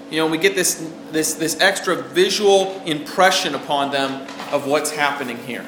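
A man preaching a sermon in an earnest way, asking the listeners questions as he goes. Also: on the high side. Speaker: pastor. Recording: roomy echo with faint background noise.

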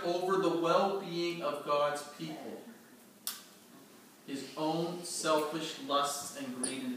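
A man's voice: a little high, pushed and bright. A man teaching a storytelling Bible lesson to a group, acting out scenes and quizzing his listeners. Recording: echoey room, distant mic, faint noise.

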